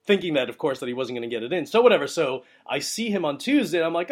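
Rambling, excitable man telling a story. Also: on the high side, fast, few pauses. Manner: rambling storyteller with many fillers, excitable bursts. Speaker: wedding photographer, podcast host. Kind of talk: casual advice monologue.

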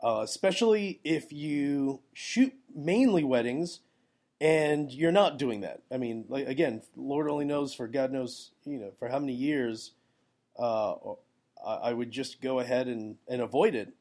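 A man's voice: mid-range voice, expressive, unhurried, a little mellow. A man hosting a solo podcast, talking energetically and emphatically about his photography business in a conversational way, with a groggy voice. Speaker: podcast host, wedding photographer. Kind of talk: solo podcast advice talk.

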